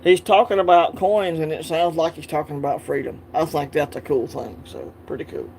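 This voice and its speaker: A man's voice: a little high, fairly even intonation, normal speed, creaky, darkish tone, a little hiss or hum. A man from Alabama with a Southern accent, hosting a casual coin-collecting livestream, rambling, laughing and answering viewers' chat.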